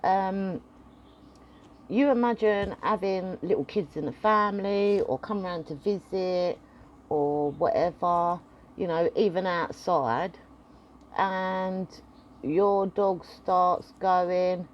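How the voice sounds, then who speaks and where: A woman's voice: on the low side, takes it slowly, muffled recording, slight background noise. A woman giving casual, rambling advice about dogs as an owner, talking straight to camera. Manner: chatty, rambling, acts out voices.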